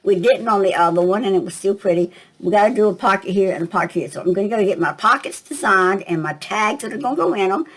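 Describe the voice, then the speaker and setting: A woman's voice: mid-range voice, lively intonation, fast, hardly any pauses, low-quality recording. Older woman chatting through a craft tutorial. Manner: chatty, thinking aloud with fillers. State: coughing at times.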